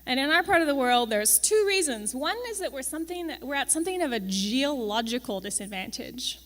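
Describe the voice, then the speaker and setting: Speaking as a campus farm manager, this young woman presents conversationally to a crowd in a large event hall, her high, fairly bright voice animated and fairly quick. Her style is wry and talkative, peppered with ums and tag questions. A long event-hall reverb trails her words.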